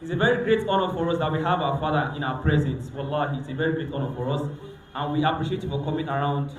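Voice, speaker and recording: A Nigerian man hosting an event on a handheld mic, teasing the crowd in lively banter that mixes pidgin and Yoruba. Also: a little high, fast. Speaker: event host, master of ceremonies. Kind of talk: lively emcee banter with audience. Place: event hall. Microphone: handheld microphone. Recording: echoey event hall.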